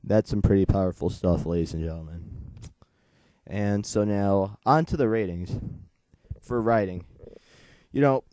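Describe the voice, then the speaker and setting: A man's voice: on the low side, unhurried, dark tone, dry recording. A young man in his late teens, chatting casually as he reviews a comic book and retells its plot in a rambling, digressive way.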